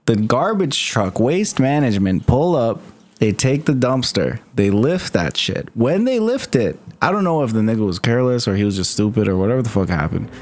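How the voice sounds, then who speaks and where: A man's voice: mid-range voice, very animated, normal speed, a little mellow. A young man co-hosting a podcast in casual chat, telling a long rambling story full of swearing. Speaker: podcast co-host.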